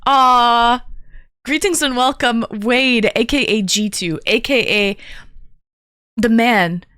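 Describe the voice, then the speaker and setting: A woman's voice: on the high side, slow, fairly bright tone, dry recording, clean studio sound. A woman livestreaming, greeting her chat viewers one by one in a playful, casual way.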